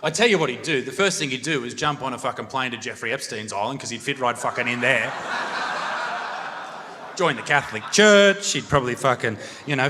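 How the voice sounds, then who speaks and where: Brash Australian stand-up comic, young, bright forceful voice, crude and profane. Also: male voice, a little high. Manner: crude, swearing, brash storytelling. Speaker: stand-up comedian. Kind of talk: stand-up comedy set. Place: comedy venue stage with live crowd.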